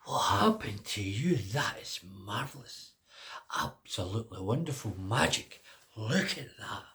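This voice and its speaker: A man's voice: expressive, measured pace, heavily acted. Grandfather doing a bossy, barking king. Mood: amazed. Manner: barking orders, loud and high. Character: bossy short-tempered king.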